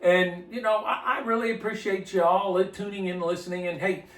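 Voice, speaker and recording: A minister tells a story in a loose, folksy way, circling back and repeating himself. His voice sits high for a man. He sounds a little distant from the mic, in a room that echoes. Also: steady tone, moderate pace, a bit bright. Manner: folksy, rambling, repeats words. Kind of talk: casual storytelling to camera.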